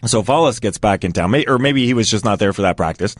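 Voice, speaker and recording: A man telling a casual story in an animated way, acting out the voices of the people involved. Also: lowish voice, fast talker, no echo, clean studio sound. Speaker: guest storyteller.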